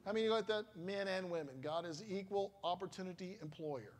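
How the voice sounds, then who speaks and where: A middle-aged pastor with a notably high voice preaches a sermon quickly, chatting with the congregation and telling stories full of emotional exclamations. The recording carries a little hiss or hum.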